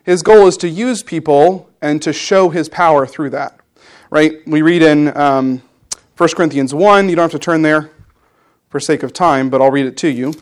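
A man with a somewhat high-pitched voice delivers a sermon, reading scripture aloud and then explaining it. His teaching is conversational, dotted with small fillers and restarts as he works through the passage. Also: normal speed. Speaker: preacher.

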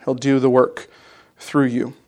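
A man giving a sermon, reading scripture aloud and explaining it in a relaxed, conversational teaching manner with small fillers and restarts. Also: medium pitch, measured pace. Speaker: preacher.

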